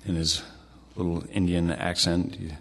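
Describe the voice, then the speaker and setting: A man's voice: sits low, flat delivery, normal speed. A man preaching a casual, conversational sermon, often repeating himself and restarting his phrases. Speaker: pastor.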